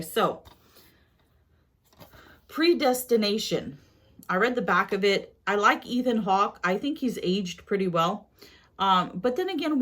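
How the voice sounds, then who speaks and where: Woman talking through her dollar store haul, chatty, wanders off topic, mid pitch. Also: a bit bright. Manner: chatty and rambling, with asides to viewers. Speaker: haul vlogger. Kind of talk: casual haul chat to viewers.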